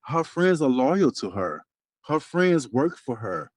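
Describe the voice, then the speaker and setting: A man gossiping with his best friend on a phone call. He tells lively, profane stories in slangy talk. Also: mid-range voice, slow pace, no echo.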